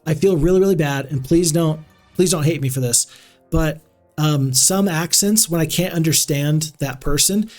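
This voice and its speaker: A male streamer talking through a strategy game in relaxed, neutral speech. He rambles and restarts his sentences often, his voice a bit high. Faint music plays underneath. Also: moderate pace. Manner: chatty, rambling, many restarts. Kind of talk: casual live-stream commentary.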